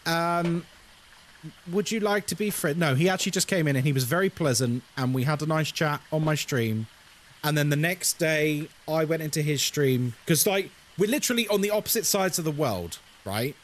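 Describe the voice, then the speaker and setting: A man's voice: on the high side, lively intonation, brisk. A man live-streaming a horror game, chatting casually to his viewers in a joking, sarcastic, rambling way.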